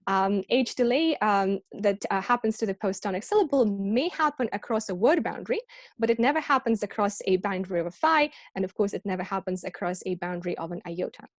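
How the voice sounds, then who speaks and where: A woman's voice: medium pitch, animated, a little fast, dry recording, clean studio sound. A woman lecturing at an academic colloquium, explaining step by step with frequent ums and small self-corrections.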